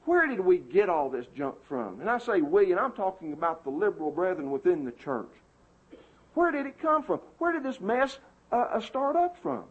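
A man's voice: high voice, sing-song, normal speed, slightly rough. A man preaching an emphatic, indignant sermon to a congregation, recorded on a muffled lo-fi tape.

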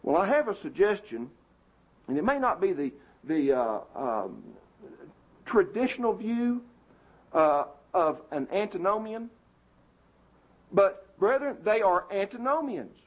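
A man's voice: high voice, sing-song, unhurried, long pauses. A man preaching an emphatic, indignant sermon to a congregation, recorded on a muffled lo-fi tape.

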